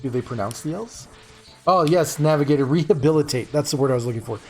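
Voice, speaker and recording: A man's voice: a little high, fast talker, darkish tone, breathy edge. Chatty man hosting a game stream. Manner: chatty, greets chat by name, searches for words. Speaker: streamer host. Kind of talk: casual stream chat while gaming. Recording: faint game music behind.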